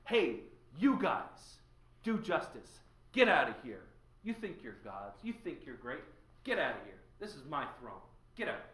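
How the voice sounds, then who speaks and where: A man voicing an angry male God who bursts in and throws out rulers who think they are gods. He shouts dismissive orders. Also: mid-range voice, lively intonation, normal speed, pitched below the performer's own voice, natural voice. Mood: commanding. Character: furious male God evicting self-made god-kings. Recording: echoey room, distant mic.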